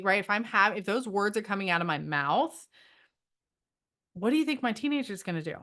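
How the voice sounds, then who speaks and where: A woman's voice: medium pitch, moderate pace, bright, forceful tone. A middle-aged woman coaching homeschool parents in an online training from home. She talks conversationally, often checks in with "right?" and acts out parents' and teens' voices. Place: home, with a dog nearby.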